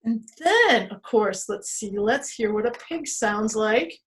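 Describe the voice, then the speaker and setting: Woman, children's storytime host, playful sound effects, animated, fairly high voice. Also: takes it slowly. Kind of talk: storytime lesson for young children. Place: children's museum.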